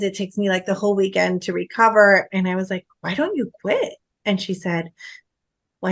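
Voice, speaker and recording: A woman with a mid-range voice tells stories as a podcast guest. She talks in an animated way and acts out what other people said. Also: mid-range voice, gravelly. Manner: animated storytelling, acts out quoted speech. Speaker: guest author, educator. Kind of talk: casual podcast conversation.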